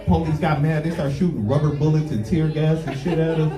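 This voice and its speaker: A man doing a stand-up comedy set, telling loud profane stories and bantering with the crowd. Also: a little high, fairly even intonation, brisk. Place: comedy club. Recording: roomy club sound, distant mic, audience laughter. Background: audience laughing.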